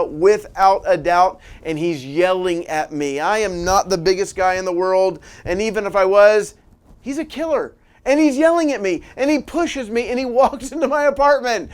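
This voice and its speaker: A middle-aged man preaching in a sermon style, telling a personal story with animated delivery and frequent small laughs. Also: high voice, clean tone. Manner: animated storyteller, laughs often, restarts phrases.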